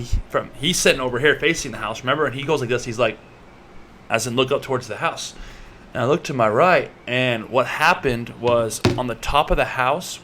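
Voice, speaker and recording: A man's voice: mid-range voice, slight background noise. A young man vlogging to camera, telling a story in a loose, rambling way full of fillers and acting the scene out. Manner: animated, acts scenes out with gestures and repeats.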